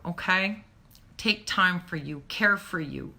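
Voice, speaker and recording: This middle-aged woman gives a laid-back pep talk on parenting with a lowish, gravelly voice and a slow delivery. She's animated in expression and sometimes drops almost to a whisper for emphasis.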